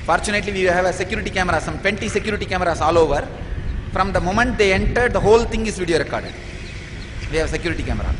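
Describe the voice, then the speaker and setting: A man's voice: high voice, expressive, racing, background noise. A man speaking at a press conference, insistent and firing off rhetorical questions. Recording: reverberant press hall.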